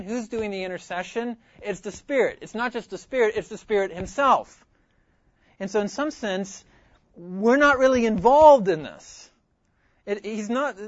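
Earnest male preacher, high voice, drops to a hush for emphasis; dry, slightly muffled sound. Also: no echo. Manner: earnest, repeats key phrases, swings from loud emphasis to hushed asides. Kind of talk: expository sermon.

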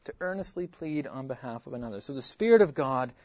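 A man preaching an expository sermon, earnest, repeating key phrases and moving between loud emphasis and hushed asides. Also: mid-range voice, lively intonation, fast talker, no echo, highs cut off.

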